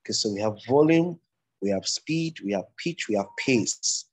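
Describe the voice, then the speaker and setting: A man's voice: fairly low pitch, expressive, normal speed, slightly rough. A man teaching public speaking in an online class, explaining step by step and repeating himself with frequent restarts.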